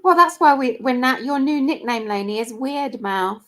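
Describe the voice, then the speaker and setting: A woman's voice: high-pitched, lively intonation, normal speed, fairly bright tone. A woman chatting casually on a video call and teasing a friend.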